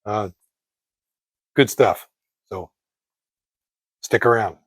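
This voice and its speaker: An older man casually talking to camera while grilling outdoors, in a chatty, meandering way with frequent pauses and self-corrections. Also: lowish voice, breathy edge, no room sound. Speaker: fitness vlogger cooking at a grill.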